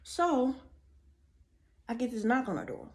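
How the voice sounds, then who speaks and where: A young woman telling a storytime tale to her viewers in a sassy, animated way, chatting through asides while she does her makeup. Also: fairly high pitch, a little slow, very noisy. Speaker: storytime vlogger. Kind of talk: casual storytime chat.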